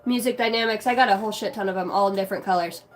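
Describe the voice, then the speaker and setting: A woman's voice: medium pitch, racing, soft background music. A woman chatting casually on a live stream, brash and profane, laughing often.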